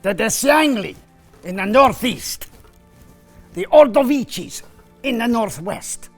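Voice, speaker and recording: A man's voice: extremely high pitch, expressive, takes it slowly, faint music behind, heavily acted. A man playing a weary, homesick Roman foot soldier in a put-on Italian accent, telling his story theatrically in an educational drama. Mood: storytelling.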